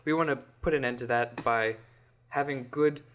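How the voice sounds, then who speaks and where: A woman's voice: rumbling low, normal speed. A young woman co-hosting a podcast, talking casually and steering the talk back on topic. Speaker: podcast co-host. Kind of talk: casual chat.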